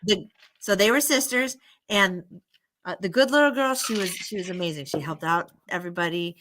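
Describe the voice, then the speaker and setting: A woman's voice: medium pitch, moderate pace, a bit bright, slight background noise. A woman casually retelling a bedtime story on a live stream, rambling with laughing asides. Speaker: livestream host.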